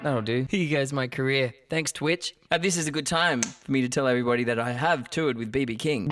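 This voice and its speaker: A man's voice: on the high side, animated, fairly quick. A tired man chatting casually on a live stream while he records a song in a home studio, joking at his own expense and swearing often. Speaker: musician streaming a songwriting session. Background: loud music from the track being recorded.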